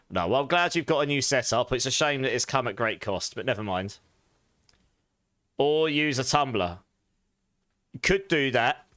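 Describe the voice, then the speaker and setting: A man's voice: mid-range voice, animated, unhurried, long pauses, bright, forceful tone, no room sound, clean studio sound. A man streaming a game live, chatting casually with viewers and laughing often. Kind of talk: casual live stream chat while gaming.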